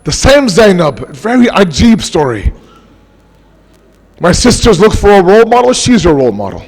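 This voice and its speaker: A man giving an impassioned mourning sermon as a majlis speaker, slowing his words for emphasis. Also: high voice, big pitch swings. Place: large mosque hall. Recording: long mosque hall reverb.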